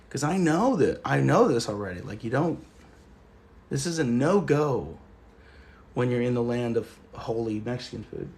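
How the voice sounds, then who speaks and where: A man's voice: medium pitch, animated, moderate pace, a little mellow. A man hosting a casual livestream, chatting loosely with viewers and joking as he rambles through stories. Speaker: livestream host.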